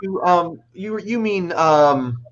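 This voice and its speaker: A man hosting an interview, reacting with quick enthusiasm and short questions. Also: high voice, expressive. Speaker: host. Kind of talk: interview chat. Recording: dull lo-fi stream audio.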